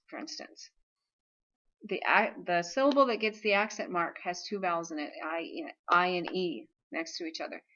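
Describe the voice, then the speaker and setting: A woman with a bright, forceful voice talks through a recorded video lesson. She explains step by step and keeps checking in with "okay?". The recording sounds dull and lo-fi. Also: medium pitch. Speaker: Spanish teacher.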